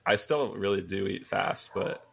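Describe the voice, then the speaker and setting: A man's voice: low-pitched, moderate pace, creaky, a bit bright, slight background noise. A man in his twenties, a podcast guest, telling rambling stories in casual chat and chuckling as he goes.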